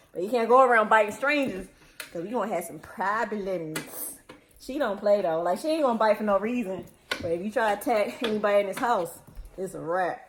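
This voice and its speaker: A woman's voice: mid-range voice, a little hiss or hum. A woman vlogging casually at home, playful and laughing often as she baby-talks to her dogs. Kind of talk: casual vlog chat.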